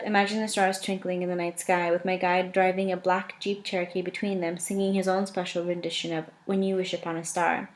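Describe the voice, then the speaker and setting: A woman reading a first-person novel aloud in a casual, unpolished way, correcting her own slips as she goes. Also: fairly low pitch. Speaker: audiobook reader.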